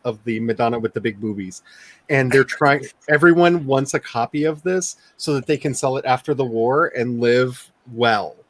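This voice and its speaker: A man's voice: mid-range voice, no room sound. Gushing man chatting on a stream. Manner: animated, gushing, laughs often. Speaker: author and stream host. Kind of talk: casual chat on a writing stream.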